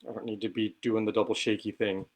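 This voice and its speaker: A man's voice: lowish voice, level tone, quick pace, heavy background noise. A man hosting a casual cocktail show from his home bar, chatty and self-deprecating as he talks through each step while mixing.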